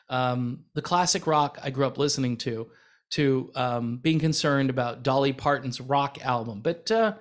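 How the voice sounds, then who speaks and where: A man from the United States talks through a casual commentary vlog. His voice sits a little high, and he drifts between points with heavy sarcasm and plenty of "uh" and "you know". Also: a bit bright. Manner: sarcastic, rambling with many fillers. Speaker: channel host.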